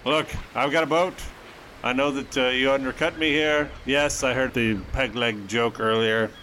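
A man voicing a grumpy old peg-legged male halfling fisherman, talking gruff and blunt. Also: mid-range voice, fairly even intonation, moderate pace, bright, forceful tone, slight background noise, natural voice.

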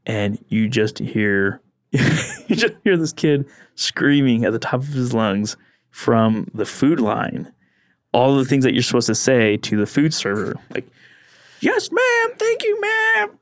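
Casual podcast co-host, man, animated storyteller who laughs a lot, mid-pitched, dry close-mic sound. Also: a little slow, no room sound. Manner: animated storyteller, laughs often, acts out yelling.

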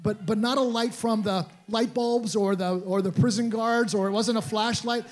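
Older male pastor, high-pitched, earnest emotional sermon storytelling. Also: steady tone, moderate pace. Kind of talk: sermon testimony.

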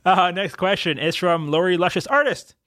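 A man's voice: high voice, normal speed, a bit bright, no echo, clean studio sound. A man co-hosting a casual podcast, explaining game design choices plainly and laughing at his partner's jokes. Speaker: co-host, game developer answering player questions.

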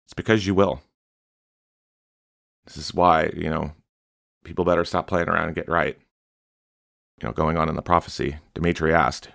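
A man's voice: extremely low pitch, steady tone, moderate pace, creaky, pauses often, fairly bright tone, no room sound, studio quality. A man reading a prophecy aloud and commenting on it in an earnest, exhorting way.

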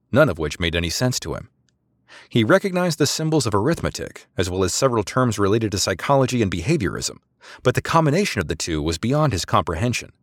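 Expressive male audiobook narrator. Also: lowish voice, no echo, clean studio sound.

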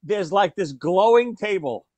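A man in a casual chat, excitedly chiming in with his own details of a shared story. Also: high voice, a little slow, a crowd in the background. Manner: excited, chimes in, adds details.

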